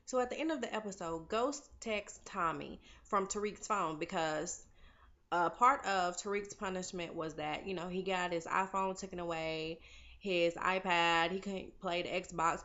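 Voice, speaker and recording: A woman's voice: fairly low pitch, a bit bright, highs cut off. A woman vlogger giving a casual, slangy recap of a TV episode and talking straight to her viewers.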